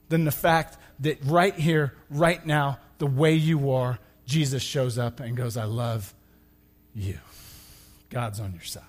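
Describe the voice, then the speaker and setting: A man preaching a sermon, moving from loud, urgent calls down to hushed, intimate lines. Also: fairly high pitch. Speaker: pastor. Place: church sanctuary.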